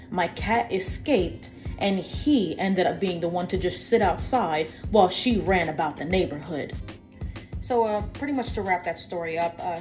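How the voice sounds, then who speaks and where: A young woman co-hosting a podcast, telling a personal story in a lively, chatty way and talking straight to her listeners. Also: lowish voice. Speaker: podcast co-host. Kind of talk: casual storytelling.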